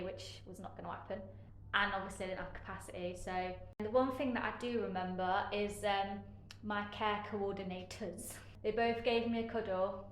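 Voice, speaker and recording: A woman giving a candid personal account as an interviewee, frank and halting, with many fillers and a sarcastic edge. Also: medium pitch, echoey room, a little hiss or hum, low-quality recording. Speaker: interviewee sharing care experiences.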